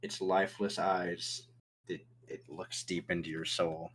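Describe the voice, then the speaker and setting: A man running a tabletop game as game master, narrating in a relaxed way and laughing often. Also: sits low, measured pace, slightly rough.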